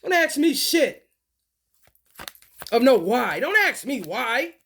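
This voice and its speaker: A woman in a profane, confrontational spiritual monologue, swinging between low mutters and loud outbursts. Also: sing-song, takes it slowly, husky. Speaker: vlogger.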